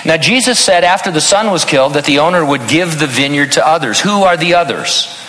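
A man's voice: a little high, animated, a little fast, bright, forceful tone, echoey room, big-room sound, rough recording. An older man preaching a sermon as pastor, earnest with touches of self-deprecating humor.

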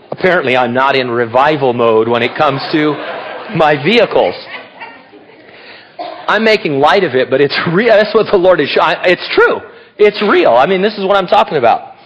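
A middle-aged man preaches a sermon in a slightly raised voice, animated and acting out the people in his stories. The recording sounds dull and lo-fi. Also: sits high. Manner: animated storytelling with quoted voices. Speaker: pastor.

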